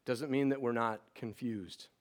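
A middle-aged man preaching a sermon as pastor, earnest and pleading, often restarting words in quick repeats. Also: mid-range voice, steady tone.

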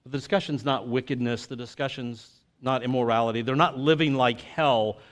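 Speaking briskly at medium pitch, this male pastor gives a chatty sermon loaded with "like" and "you know." He swings back and forth between energetic side comments and hushed, heartfelt contemplation.

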